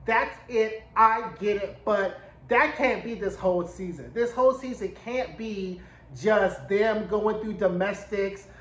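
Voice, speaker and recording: A man's voice: sits high, unhurried, fairly bright tone, a little hiss or hum. Sassy, cussing man recapping a show, roomy sound. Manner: sassy, profane, blunt running commentary. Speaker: TV recap reviewer. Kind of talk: casual recap commentary. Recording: roomy echo.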